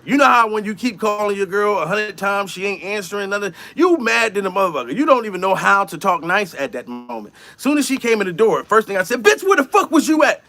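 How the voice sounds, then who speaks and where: High-voiced profane male comedian storyteller. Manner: profane, animated, acts out quotes in raised voices. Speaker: comedian, channel host.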